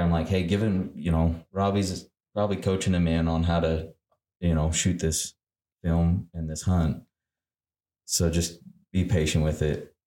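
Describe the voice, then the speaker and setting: A very deep-voiced man recalling a hunt in easy conversation. He jumps into his own quoted lines with energy, and the room around him gives his voice a noticeable echo. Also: a little mellow. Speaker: hunting guide. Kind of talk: casual storytelling. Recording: roomy echo.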